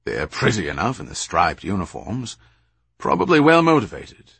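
A man's voice: on the low side, huge pitch swings, moderate pace, gravelly, fairly bright tone, slightly rough, no room sound, full character voice. A man voicing a matter-of-fact British officer musing aloud in an audiobook.

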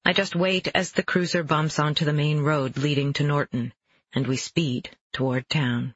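Brief: male audiobook narrator, somewhat high, husky, measured first-person reading, dull lo-fi sound. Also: little pitch movement, a bit bright, no room sound. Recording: dull lo-fi dry recording.

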